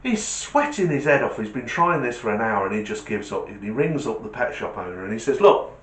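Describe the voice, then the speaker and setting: A man hosting his channel, telling a joke as a chatty, animated storyteller. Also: mid-range voice, a little fast, roomy sound, poor audio. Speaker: channel host.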